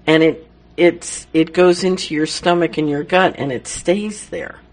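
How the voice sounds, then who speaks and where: A man hosting a casual talk, relaxed and conversational. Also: on the high side, unhurried. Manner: relaxed, conversational, uses fillers. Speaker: host. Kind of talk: casual interview chat.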